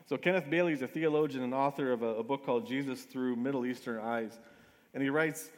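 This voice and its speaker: A man preaching a sermon in a relaxed, conversational way, often restarting his phrases. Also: mid-range voice, brisk. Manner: conversational, with frequent restarts and asides. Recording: reverberant hall.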